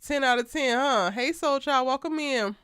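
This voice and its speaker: A woman hosting a live TV show recap, talking in an animated, slangy, emphatic way and laughing often. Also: high voice, moderate pace, smooth, no echo, clean studio sound. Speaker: TV show aftershow host.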